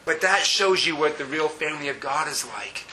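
Animated preacher man, bright echoey room. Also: fairly high pitch, moderate pace, slight background noise. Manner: animated, swinging from hushed to shouting. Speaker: pastor. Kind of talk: sermon.

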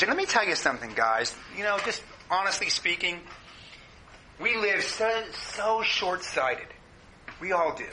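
In a roomy, echoing church hall, a pastor speaks straight to his congregation in an impassioned sermon. His high, bright, forceful voice swings widely in pitch at a slightly slow pace, and there's a little hiss or hum.

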